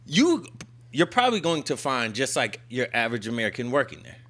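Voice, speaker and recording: A man's voice: mid-range voice, fairly quick. A man hosting a podcast, telling stories in casual chat and calling his co-host "bro" and "brother". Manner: animated storyteller, keeps calling the listener "bro" and "brother".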